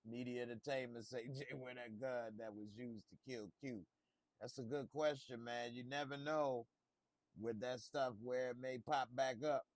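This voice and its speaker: Slow-talking man reacting to a TV episode. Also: mid-range voice, dry recording. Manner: laid-back, joking, talks back to the screen. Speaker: TV show reviewer. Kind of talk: casual reaction commentary.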